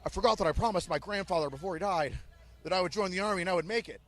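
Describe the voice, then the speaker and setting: A man's voice: high-pitched, racing. A man voicing a nervous, emotional young male army recruit who pleads in a flustered way. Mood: pleading.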